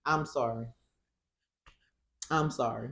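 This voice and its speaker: A woman's voice: extremely low pitch, takes it slowly, a bit bright. A woman with a St. hosting a casual recap of a reality show, sassy and profane, laughing often. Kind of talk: casual reaction commentary.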